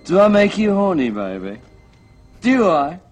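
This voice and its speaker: A man doing an exaggerated put-on British accent, voicing a flirtatious movie character with a drawn-out, suggestive delivery. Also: sits high, sing-song, a little mellow, faint music behind, full character voice. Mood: leering.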